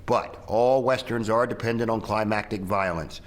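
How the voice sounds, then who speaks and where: A man narrating a satirical film history in a sardonic, deadpan way. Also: fairly low pitch, normal speed, rough recording. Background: film score music.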